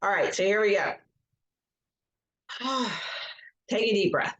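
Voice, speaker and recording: Slow, gentle woman leading tapping. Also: mid-range voice, animated. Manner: slow, gentle and measured, with casual asides. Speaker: educational psychologist leading an EFT tapping session. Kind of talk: guided tapping session with spoken affirmations. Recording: echoey room.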